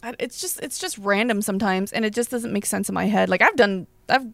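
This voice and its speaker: A woman's voice: medium pitch, a little fast, gravelly, fairly bright tone, no room sound. A young woman talking candidly in a casual group chat, swearing freely and acting out what people say. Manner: candid, swears, acts out quotes. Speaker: panel guest.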